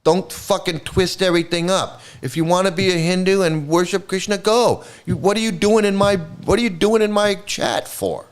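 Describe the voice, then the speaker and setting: Speaking smoothly in a high-pitched voice, this livestream host keeps a moderate pace with hardly any pauses. His commentary is an angry, sarcastic rant packed with swearing.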